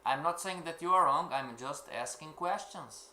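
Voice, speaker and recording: A man delivers a live-streamed trading lesson in slow, deliberate English that is not his first language. His voice is bright and fairly high, and he peppers the class with rhetorical questions. The room is echoey, with faint keyboard typing behind him. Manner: asks rhetorical questions, keeps calling out "everybody". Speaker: trading course instructor.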